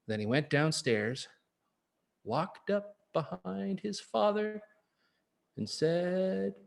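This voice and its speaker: For an early-years program, a man reads a picture book aloud to young children in a high, sing-song, creaky voice at a slow pace, adding chuckling asides.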